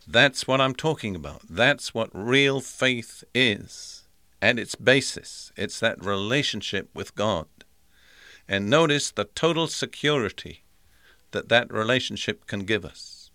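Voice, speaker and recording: A man's voice: mid-range voice, expressive, a little slow, sharp tone, dry recording, studio quality. A man preaching a sermon in an earnest, emphatic way, repeating his points for stress.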